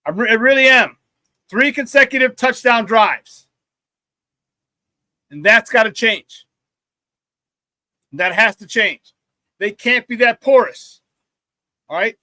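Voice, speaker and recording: A man's voice: very high-pitched, expressive, slow, pauses often, pushed and bright, no room sound. A man hosting a live sports talk stream, reading chat comments and ranting bluntly, often laughing at his own jokes. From Chicago area.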